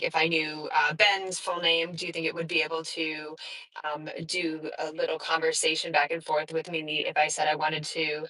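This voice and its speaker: Woman with a lowish voice asking stuff, kinda unsure, lots of like and um. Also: pushed and bright, low-quality recording. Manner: hesitant questioning, frequent "like" and "um". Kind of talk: casual discussion.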